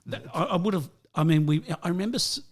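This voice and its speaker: A man's voice: high voice, lively intonation, fast talker, husky. A man hosting a radio chat, casual and enthusiastic, chiming in with eager remarks. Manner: enthusiastic, chatty interjections.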